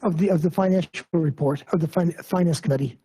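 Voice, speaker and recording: A hoarse man giving a finance committee report at a council meeting, going through it item by item. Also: a little high, fast talker, mellow, slight background noise, rough recording. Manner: methodical, itemized report delivery.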